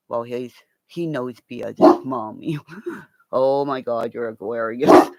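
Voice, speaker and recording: A woman's voice: a bass voice, a little slow, creaky, darkish tone, no echo. A woman rambling and swearing in a casual livestream chat with her viewers, laughing often.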